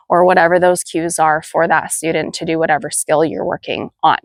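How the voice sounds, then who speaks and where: A woman's voice: deep voice, fairly quick, few pauses, no echo, studio quality. Woman instructor giving practical coaching tips. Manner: practical, steady explaining with counted cues. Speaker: riding instructor teaching other instructors. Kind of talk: instructional video talk.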